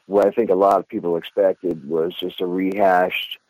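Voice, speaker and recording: A man's voice: deep voice, normal speed, no room sound, poor audio. A male singer being interviewed, chatting casually and rambling with lots of "you know" fillers. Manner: animated storyteller. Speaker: band singer, interview guest.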